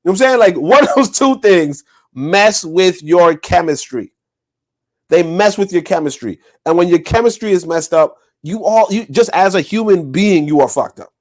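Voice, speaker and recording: Animated high-voiced man, rambling chat. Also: moderate pace. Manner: animated, rambling, profane, laughs loudly. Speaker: podcast co-host. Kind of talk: casual podcast chat.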